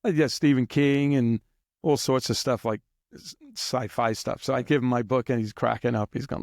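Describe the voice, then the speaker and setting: Telling story after story as a guest drummer in an interview, this man has a gravelly, fry-laden, mid-range voice with fairly even intonation and moderate pace. He rambles casually, chuckles and now and then imitates drum beats. The recording is dry and close, with no echo or room sound.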